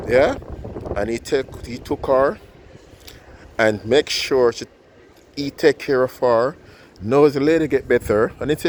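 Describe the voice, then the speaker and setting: A man's voice: medium pitch, a little slow, pauses often, darkish tone, slight background noise. A man telling a moral story casually, often checking in with his listener and using loose, nonstandard grammar.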